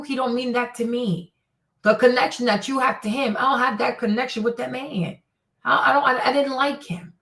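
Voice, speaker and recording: A woman's voice: fairly high pitch, fairly bright tone. Profane, combative woman streamer. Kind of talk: livestream rant answering chat. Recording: roomy echo, distant from mic.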